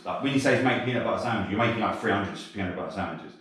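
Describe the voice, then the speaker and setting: A man with a South London accent, telling sweary, animated stories as a podcast guest. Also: lowish voice, very fast, few pauses. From South London, England. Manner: sweary, animated anecdote-telling with bursts of laughter. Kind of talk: casual storytelling interview. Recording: very echoey room, mic at a distance.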